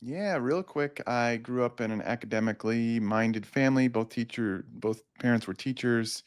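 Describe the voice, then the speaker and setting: A man, a doctor, guesting on a podcast interview and speaking in an easygoing, conversational way. His voice sits at a typical male pitch. The sound is dry and close. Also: normal speed, clean tone, no echo.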